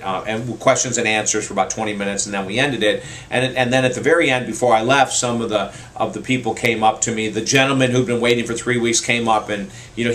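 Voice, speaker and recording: A man's voice: fairly low pitch, a bit bright, a little hiss or hum. A man giving a motivational message to camera, telling personal stories in an earnest, heartfelt way and repeating key points for emphasis. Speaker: motivational speaker.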